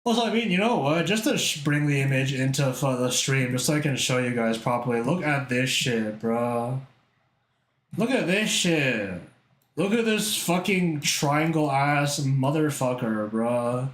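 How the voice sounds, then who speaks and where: A man's voice: mid-range voice, expressive, moderate pace, a bit bright, echoey room, a little hiss or hum. A man chatting casually while drawing on a livestream, rambling, swearing a lot and laughing often. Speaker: art streamer.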